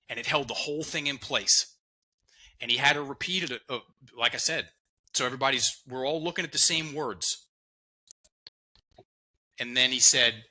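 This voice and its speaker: A man's voice: mid-range voice, moderate pace, long pauses, bright, forceful tone, rough recording. A man talking as a podcast guest, explaining an idea with emphasis and repeating key words. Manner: emphatic, repeats words, quotes others in voices. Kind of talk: conversational teaching.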